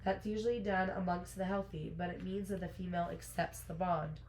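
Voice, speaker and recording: A woman's voice: on the low side, fairly even intonation, echoey room, a little hiss or hum, natural voice, poor audio. A woman reading as a brooding male fae lord. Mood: earnest. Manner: reads book lines aloud, hurried and soft.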